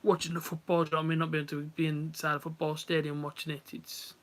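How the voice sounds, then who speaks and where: A young man streams himself watching a match live, chatting and rambling directly to the people tuning in. He talks fast in a highish voice with a completely flat delivery.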